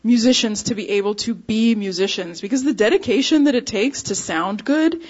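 Animated, emphatic woman musician. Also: a little high, moderate pace, highs cut off. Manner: animated, laughs easily, emphatic. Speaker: musician guest. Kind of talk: casual conversation.

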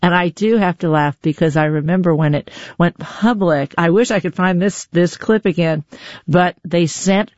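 A woman hosting a public radio interview program, with a measured, clear broadcast delivery. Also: on the low side, a little mellow, no echo, dull audio. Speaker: radio show host. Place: radio studio.

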